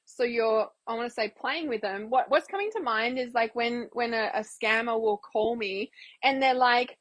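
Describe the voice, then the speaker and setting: A woman's voice: fairly high pitch, moderate pace, fairly bright tone. A woman hosting a casual livestream Q&A as an intuitive healer, chatting loosely and acting out little quoted exchanges.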